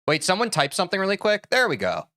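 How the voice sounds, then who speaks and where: A man's voice: high voice, wildly swooping pitch, fast, bright, forceful tone, dry recording. A man streaming a game, talking casually to his chat in a rambling, self-interrupting, opinionated way.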